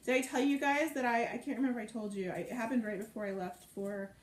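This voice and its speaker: A woman's voice: fairly high pitch, fairly even intonation, quick pace. A woman hosting a live cooking stream, chatting playfully and reading out viewer comments as she cooks. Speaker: cooking show host. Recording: echoey room with faint noise.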